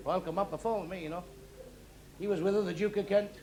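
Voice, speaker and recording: Speaking a little fast in a high voice, this middle-aged man tells deadpan, blunt and crude jokes in stand-up. You can hear the crowd and the echo of the club.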